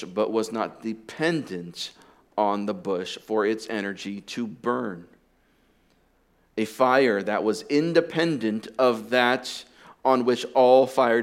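A pastor preaching a sermon, explaining deliberately and dropping in casual asides to the congregation. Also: male voice, medium pitch. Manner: deliberate teaching with conversational asides.

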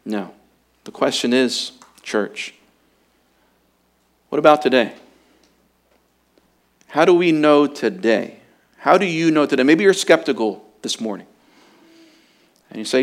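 Slow, emphatic male preacher. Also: mid-range voice, expressive. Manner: emphatic preaching, swinging between loud urgency and hushed quiet. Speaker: pastor. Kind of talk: sermon.

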